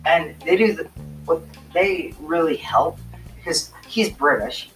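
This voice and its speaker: A man's voice: on the high side, expressive, unhurried, fairly bright tone, faint music behind, low-quality recording. A teenage boy co-hosting a podcast in laid-back, giggly casual chat. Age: teens. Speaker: podcast co-host.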